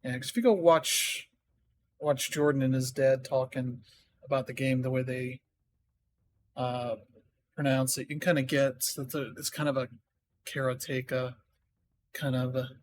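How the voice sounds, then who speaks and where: Over slight background noise, a game streamer talks at a normal speed in a steady, medium-pitched voice. His casual live-stream commentary drifts into thinking aloud as he reads up on things, murmuring his notes half to himself.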